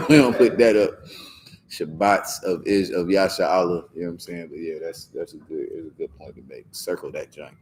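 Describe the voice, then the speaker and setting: A man with a low, deep voice leads a scripture class in loose street slang. He rambles from one point to the next and keeps checking in with "you know what I'm saying?" A faint hiss of background noise runs under the recording. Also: animated, moderate pace. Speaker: teacher leading a scripture class. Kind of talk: casual talk in a religious class.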